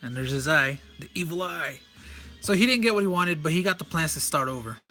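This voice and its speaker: Enthusiastic rambling man, bright voice. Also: on the high side, expressive, a little fast, faint music behind. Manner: enthusiastic, rambling, self-correcting. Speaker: comic reviewer. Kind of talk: casual comic walkthrough.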